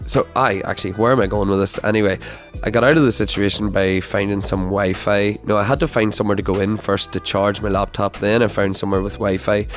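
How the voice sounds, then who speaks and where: A man's voice: lowish voice, little pitch movement, fairly quick, soft background music. Rambling, swearing man. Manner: rambling, swears often, many fillers and restarts. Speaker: podcast host. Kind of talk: casual storytelling monologue.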